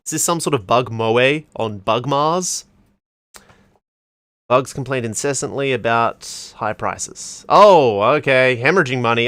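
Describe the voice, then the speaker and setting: A man's voice: mid-range voice, expressive, a little slow, fairly bright tone, no room sound. Wry man commenting on a game. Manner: wry, reads on-screen text aloud. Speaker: let's play host. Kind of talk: casual gameplay commentary.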